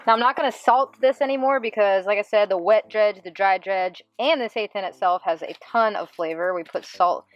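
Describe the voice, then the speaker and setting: A woman's voice: mid-range voice, a little fast, few pauses, no room sound, dull audio. A woman hosting a cooking vlog from a small camper van kitchen, talking to viewers in a playful, exclamatory way. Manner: excitable, playful, exclamatory, addresses viewers directly. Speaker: cooking vlogger. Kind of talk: casual cooking demonstration.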